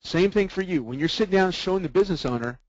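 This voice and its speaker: A man with a high-sitting, animated voice leads a sales training webinar, often checking in with listeners through quick rhetorical questions. The audio has no room sound and the highs are cut off.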